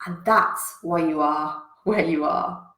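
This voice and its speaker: A woman's voice: low-pitched, takes it slowly, fairly bright tone. A woman voicing an exasperated God who scolds bluntly and swears. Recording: roomy echo.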